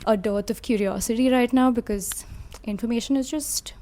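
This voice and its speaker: With a warm, slightly high voice at a moderate pace, an Indian woman delivers scripted commentary for a video essay. She sounds reflective and a little casual, sprinkling in frequent hedging fillers.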